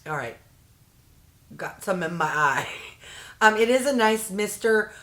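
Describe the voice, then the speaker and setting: A woman's voice: mid-range voice, animated, measured pace, fairly bright tone. A middle-aged woman chatting casually as she unboxes beauty products, easily delighted and making jokey asides. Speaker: unboxing vlogger.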